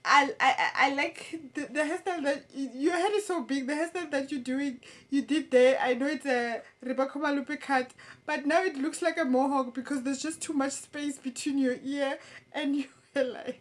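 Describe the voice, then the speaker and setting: A woman's voice: high voice, fairly even intonation, normal speed. A young woman delivering a stand-up roast, teasing with stammered restarts and laughing at her own jokes. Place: comedy roast stage.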